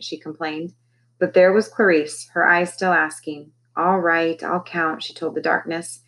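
A woman's voice: deep voice, steady tone, unhurried, a bit bright. A woman, a teacher, reading a children's novel aloud expressively and raising her voice for the characters' lines.

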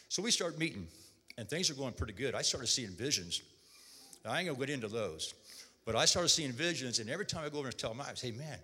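Man giving a bright, echoing testimony. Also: medium pitch, expressive, fast talker, husky. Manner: emotional, repeats words, quotes others in dialogue. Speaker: church testimony speaker. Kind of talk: personal testimony. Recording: long hall reverb.

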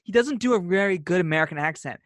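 High-voiced man in casual podcast chat. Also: fast, no echo. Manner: animated, opinionated storyteller. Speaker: podcast co-host.

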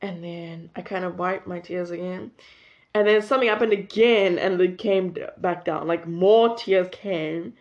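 A woman's voice: on the low side, measured pace. A young woman vlogging, telling a personal story in a casual, chatty way, with lots of "like" and restarts. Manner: chatty, animated, full of "like" and restarts. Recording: dull lo-fi recording.

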